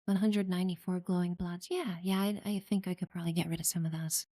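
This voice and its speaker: A woman's voice: on the low side, steady tone, fast talker, dry recording. A woman streamer chatting casually during live gameplay, thanking new followers and talking about her community. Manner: friendly, thanks followers warmly, many fillers.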